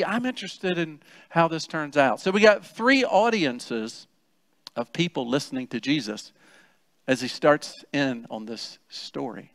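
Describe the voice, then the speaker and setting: A male pastor with a high voice, preaching in a church sanctuary. He talks in a conversational way, asking the congregation questions and acting out quotes. The voice sits close and dry on the mic, with a long reverb trailing behind. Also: lively intonation, a little slow, fairly bright tone. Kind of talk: sermon.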